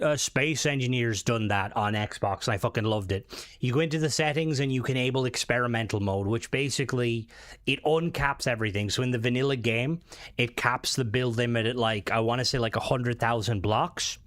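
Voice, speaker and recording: A young man with an Americanized Irish accent streams a game live, chatting with viewers casually and ramblingly while swearing often. His mid-range voice has a fairly bright tone, recorded dry.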